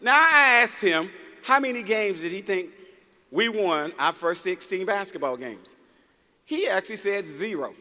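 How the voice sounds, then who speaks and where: A man's voice: high voice, lively intonation, a little slow, pushed and bright, in a large hall. A man from Mississippi giving a motivational speech in a large auditorium, telling stories and calling out to the crowd, with the audience laughing along. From Mississippi, United States. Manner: preachy, storytelling, calls out to the crowd. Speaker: motivational speaker.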